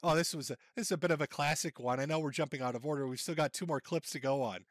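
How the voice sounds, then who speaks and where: A man's voice: fairly high pitch, fast talker, no echo. A man hosting a stream, mocking and ridiculing the person in the clips he plays. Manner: sneering, ridiculing, laughs at clips.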